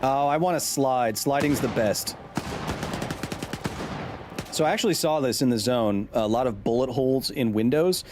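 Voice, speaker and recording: A man's voice: medium pitch, moderate pace, long pauses, a little hiss or hum. A man in his thirties hosting a live gaming stream. He chats, explains science and reads out viewer messages. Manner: chatty, explains science, reads chat aloud; jumpy, yells when startled.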